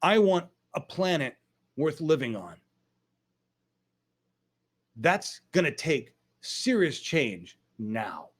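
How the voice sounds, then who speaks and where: A man's voice: on the high side, big pitch swings, slow pace, pauses often. A man hosting his own online political show, ranting angrily with frequent profanity and emphatic outbursts. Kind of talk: political rant.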